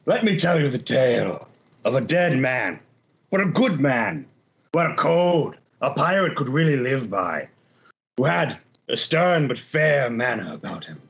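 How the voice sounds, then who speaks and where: A man's voice: mid-range voice, very animated, a little slow, slightly rough, full character voice. A man voicing a swaggering male pirate who gives grand, theatrical speeches in a tabletop game, on slightly dull audio. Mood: rousing.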